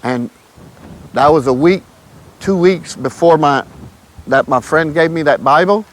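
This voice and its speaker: A man's voice: on the high side, unhurried. A man, telling his testimony in a casual, emotional way and often calling the listener "man". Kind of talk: casual storytelling.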